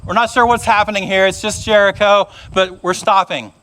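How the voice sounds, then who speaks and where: A man voicing a crowd that hushes a beggar and then bustles around, in a comic way. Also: high-pitched, fairly even intonation, moderate pace. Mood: bustling. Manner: brusque, comic.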